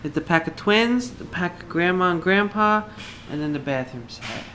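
Man, 30s, daily family vlogger; casual and chatty on a camera mic, steady hum of background noise behind him. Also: high voice, moderate pace. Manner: chatty, upbeat, thinks out loud. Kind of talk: casual vlog talk to camera.

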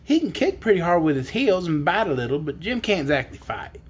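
A man voices a plucky little storybook girl, curious and outspoken. Her voice is pitched well above the narration and moves animatedly. She speaks frankly, with a lively edge. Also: a little fast, breathy edge.

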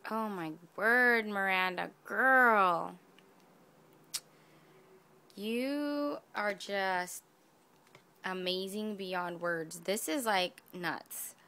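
A woman's voice: mid-range voice, bright, forceful tone. A woman craft vlogger gushing over gifts in a casual unboxing video, addressing her viewers directly. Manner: gushing, effusive, talks to viewers.

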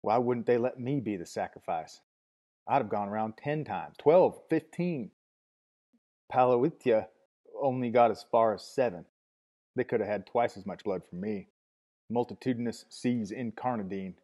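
A man voicing an earnest, anguished young outsider who pleads in impassioned, halting bursts in a storybook reading. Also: medium pitch, warm tone, natural voice.

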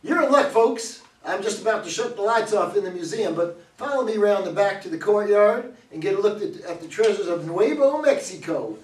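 A man's voice: high voice, lively intonation, a little fast, few pauses, darkish tone. An actor playing a boastful older cowboy who runs a roadside museum, talking in a hammy, folksy salesman's drawl at a reader's theater stage reading. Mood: cocky, folksy. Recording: echoey hall from far off.

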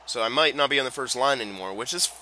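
A young man giving live commentary while playing a hockey video game, griping and swearing at his slow player. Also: medium pitch, bright, forceful tone, slight background noise. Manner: frustrated, swearing, talking to the game. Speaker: gaming YouTuber.

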